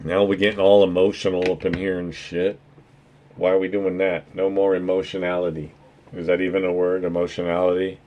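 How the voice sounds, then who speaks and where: A man's voice: sits low, level tone, fairly quick, darkish tone, highs cut off, a little hiss or hum. A man chatting casually on his livestream, rambling and earnest, swearing freely as he thanks his viewers. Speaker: streamer.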